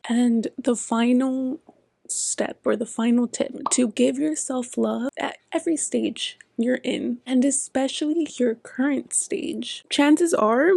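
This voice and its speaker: A woman's voice: fairly high pitch, creaky, mellow, dry recording. A young woman hosting a self-help podcast, talking earnestly and frankly, swearing freely and dropping into whispers for emphasis. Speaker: podcast host.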